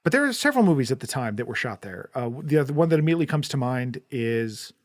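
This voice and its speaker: A man's voice: mid-range voice, very animated, quick pace, no room sound. A man co-hosting a podcast, chatting casually about a film and rambling through restarts and fillers. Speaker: podcast co-host. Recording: dry, close-miked basement studio.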